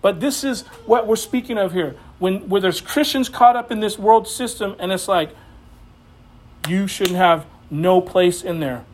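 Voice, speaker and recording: A man's voice: sits high, unhurried, slight background noise. A man giving a casual sermon as a Bible teacher, passionate and slangy, often laughing as he preaches.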